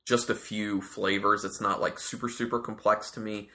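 A man tasting a beer and talking through its flavors in a casual, thoughtful chat, often pausing to find his words. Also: lowish voice, flat delivery, sharp tone. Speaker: beer taster.

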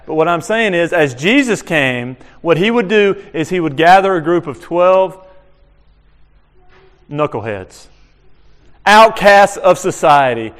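A man preaching a sermon in a chapel, talking in a casual, animated way with frequent restarts. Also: high voice, in a large hall. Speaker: chaplain preaching. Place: chapel on a military base.

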